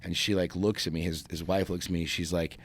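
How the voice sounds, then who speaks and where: Deep-voiced man telling a story emphatically. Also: level tone, brisk, husky. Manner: emphatic, profane, frequent restarts. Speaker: podcast co-host. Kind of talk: casual storytelling chat.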